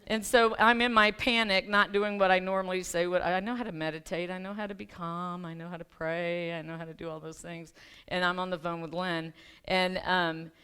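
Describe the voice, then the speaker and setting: Chatty woman preaching with a smooth voice. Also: fairly low pitch, steady tone, moderate pace, pushed and bright. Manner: chatty and self-deprecating, laughing along with the congregation. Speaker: guest speaker and life coach. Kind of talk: conversational sermon with personal story. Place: church sanctuary.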